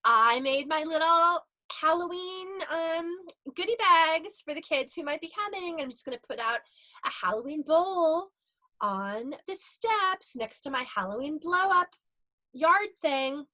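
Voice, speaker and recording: High-voiced chatty woman cohost, laughs a lot, voice jumps all over. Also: animated, bright, forceful tone. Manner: chatty, laughs often, quick reactions. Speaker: podcast co-host. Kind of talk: casual chat.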